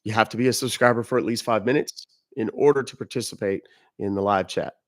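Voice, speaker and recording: A man's voice: lowish voice, fast, no room sound, studio quality. A man hosting a live stream, talking casually to viewers and giving blunt, emphatic warnings. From United States. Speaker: livestream host. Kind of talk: casual livestream talk to viewers.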